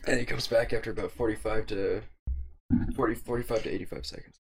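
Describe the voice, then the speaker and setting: Gravelly young man telling a story. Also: fairly low pitch, fast talker. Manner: profane, wry, deadpan delivery of quoted lines. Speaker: podcast co-host. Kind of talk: casual storytelling.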